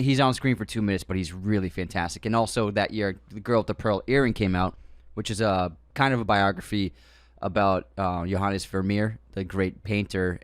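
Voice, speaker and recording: A man with a fairly low voice talks excitedly about films on a podcast, circling back and restarting as he searches for words. His voice is close and dry, with no room sound at all. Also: dry recording. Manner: enthusiastic, rambling with fillers. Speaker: podcast co-host. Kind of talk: casual film discussion.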